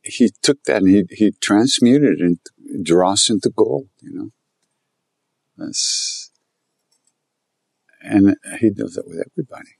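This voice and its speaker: Low-voiced man telling a rambling story. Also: unhurried, vocal fry, long pauses, breathy edge, no room sound. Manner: rambling, animated, repeats himself. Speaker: guest telling stories about his teacher. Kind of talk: conversational storytelling.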